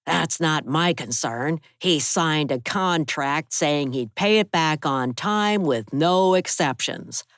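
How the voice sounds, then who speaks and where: A woman narrator voicing a pushy older male loan shark with a gravelly voice, in an audiobook. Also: low-pitched, expressive, slow pace, hardly any pauses, a bit bright, no room sound, studio quality, heavily acted. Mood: menacing.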